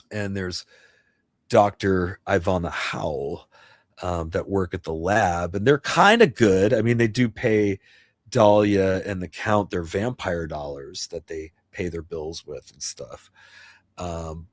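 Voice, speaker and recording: Rambling, chatty low-voiced man. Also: dry recording, studio quality. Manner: rambling, chatty, with frequent restarts and sudden excited jumps in pitch. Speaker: live stream host. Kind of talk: casual livestream chat.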